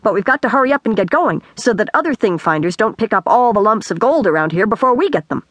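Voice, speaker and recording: A woman voicing a bold, cheerful girl who boasts freely in a quick, bright way. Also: mid-range voice, animated, dry recording.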